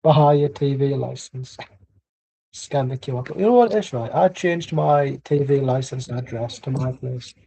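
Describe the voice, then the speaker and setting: Guy for a match watchalong, mellow husky voice, rambling, blunt, sweary. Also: medium pitch, steady tone, a little slow, low-quality recording. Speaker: watchalong streamer. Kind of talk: casual live match commentary. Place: at home.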